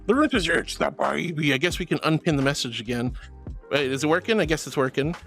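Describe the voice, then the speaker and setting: A man's voice: a little high, expressive, quick pace, vocal fry, fairly bright tone, soft background music. A man streaming and reading out chat messages in a playful, giggly, affectionate way. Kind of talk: casual chat. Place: home streaming setup.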